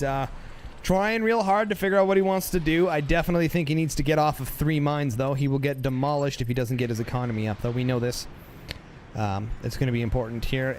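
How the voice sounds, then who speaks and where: A man giving excitable play-by-play commentary on a strategy game, often repeating short calls. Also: fairly high pitch, slight background noise. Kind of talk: live gameplay commentary.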